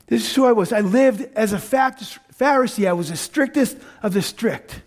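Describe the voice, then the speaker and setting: A preacher voicing an earnest, high-voiced apostle. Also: male voice, full character voice. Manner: earnest first-person retelling, emphatic repetition. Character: apostle Paul, grown man, fervent former persecutor.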